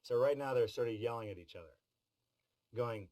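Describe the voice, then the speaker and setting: Recorded in low quality, a middle-aged man with a mid-range, slightly mellow voice speaks at normal speed. He's a voice actor in a behind-the-scenes feature, discussing voice work in an interview with wry humor.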